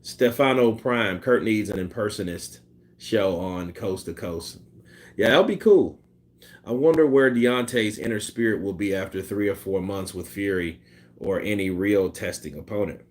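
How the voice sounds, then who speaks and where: Hosting a laid-back boxing live stream, this man speaks at normal speed in a voice on the low side. He reads chat, swears and laughs freely, imitates the sound of punches, and quotes others using mock voices.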